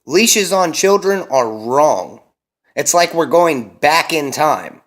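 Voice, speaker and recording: A young man and parent delivering a heated, emphatic monologue, cursing often and slowing down to hammer his points. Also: fairly high pitch, very animated, fairly bright tone. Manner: intense, emphatic, heavy cursing, slows to hammer key words. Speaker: vlogger and parent.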